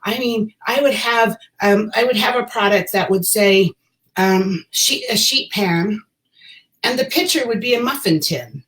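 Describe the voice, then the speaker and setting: A woman telling a story from her past straight to camera, in a loose, chatty vlog style. She wanders between asides, repeats phrases for emphasis and lets out small laughs at her own expense. Her voice sits at an ordinary middle pitch. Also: unhurried, fairly bright tone, rough recording. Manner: rambling, repeats phrases for emphasis, chuckles at herself. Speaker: vlogger telling a personal story.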